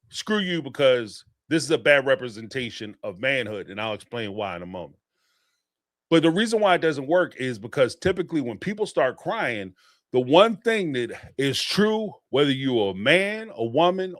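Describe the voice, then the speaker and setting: Blunt, lively man ranting about a show. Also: medium pitch, dry recording, studio quality. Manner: blunt, animated, profane, mocking impressions. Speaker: reality TV commentator. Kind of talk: casual live reaction commentary.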